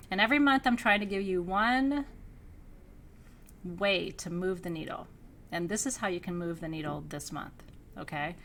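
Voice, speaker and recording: A middle-aged woman teaching a class, energetic and outgoing, who laughs often and keeps checking in with her listeners. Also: medium pitch. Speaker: spiritual teacher leading an online class. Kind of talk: teaching a live class to students.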